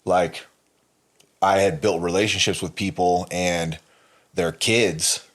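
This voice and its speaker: Deep-voiced and slow, a man co-hosting a podcast speaks with fairly even intonation. He tells a candid personal story in a rambling manner, marked by many fillers, restarts, and frequent swearing.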